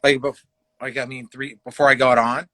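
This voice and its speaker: A man's voice: mid-range voice, flat delivery, normal speed, a bit bright, no room sound. A man from Canada, a comedian guest, telling a rambling, profane story in casual chat and acting out the quotes heatedly. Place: livestream talk show.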